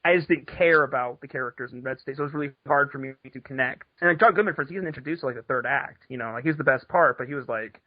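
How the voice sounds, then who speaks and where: A man's voice: mid-range voice, very fast, hardly any pauses, dry recording. A man chatting casually on a podcast, rambling and swearing, with frequent laughs. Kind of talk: casual chat. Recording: dull lo-fi podcast audio.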